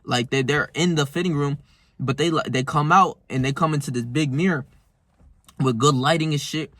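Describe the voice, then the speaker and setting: A man's voice: on the high side, moderate pace, fairly bright tone, dry recording. A young man telling stories in a casual, heated monologue, full of slang and cursing. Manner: profane, slangy, heated storytelling. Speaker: self-improvement vlogger.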